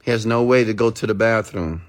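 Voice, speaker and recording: A man's voice: on the low side, a little fast. A man delivering a motivational monologue, blunt and preachy, firing rhetorical questions at his listeners and swearing freely. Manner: emphatic, preachy, blunt with profanity. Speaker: motivational speaker.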